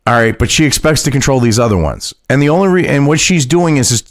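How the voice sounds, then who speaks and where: A man's voice: mid-range voice, animated, fast talker, no echo, clean studio sound. A man hosting casual political commentary, mocking and profane, reading news aloud and reacting to it. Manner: mocking, profane, laughs at his own jokes.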